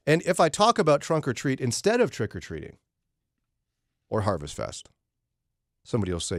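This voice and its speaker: Animated male radio host, dry studio sound. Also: medium pitch, moderate pace, long pauses, no echo. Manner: animated, mimics angry listeners in raised voices. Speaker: radio morning show host. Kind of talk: casual radio chat. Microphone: studio microphone.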